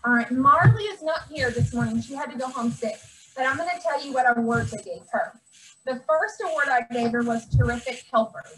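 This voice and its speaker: A woman teacher handing out awards to her first-grade class, speaking with warmth and sometimes getting teary. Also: high voice, brisk. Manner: affectionate, gets teary. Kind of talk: award ceremony speech to a class. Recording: distant camera, faint room noise.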